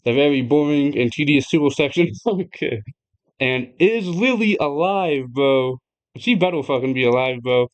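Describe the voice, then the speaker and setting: Excitable young man retelling a game. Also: fairly high pitch, normal speed. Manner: excitable, laughs often, swears freely; chatty, addresses viewers directly. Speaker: gaming video creator. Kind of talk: casual retelling of a game story.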